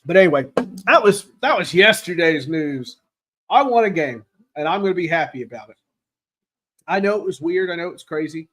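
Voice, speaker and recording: A man hosting a casual live football chat, rambling and excitable, reading viewer comments aloud, his throat raw from cheering. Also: fairly high pitch, normal speed. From Tennessee. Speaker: podcast host.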